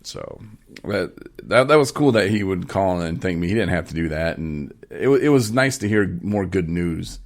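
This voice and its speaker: Laid-back gravelly low-voiced man. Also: animated, moderate pace. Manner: laid-back storytelling, laughs often, acts out quotes. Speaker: podcast host. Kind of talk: casual podcast chat. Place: home studio.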